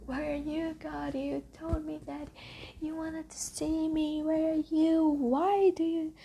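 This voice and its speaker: A woman's voice: sits high, level tone, slow pace, vocal fry, warm tone, slight background noise, voice pushed up, heavily acted. A woman voicing a grieving man who cries out to God with anguished, pleading questions.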